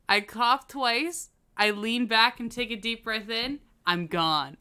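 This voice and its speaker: Woman telling a story on a podcast, bright and crisp, laughing a lot. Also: medium pitch, slow. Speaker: podcast co-host. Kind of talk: casual storytelling.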